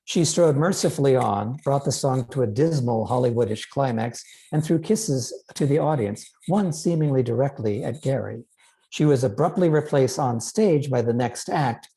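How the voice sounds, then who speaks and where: A man, a novelist, reading aloud from his own book in a measured, expressive way. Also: mid-range voice, gravelly, poor audio.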